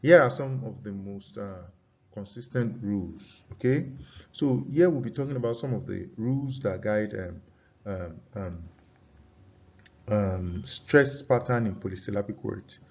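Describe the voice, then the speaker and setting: A man teaching an English pronunciation lesson, often halting on fillers and repeated words, then calling out example words with strong emphasis and asking students if they follow. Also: lowish voice, darkish tone. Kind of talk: classroom lesson. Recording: dull lo-fi recording.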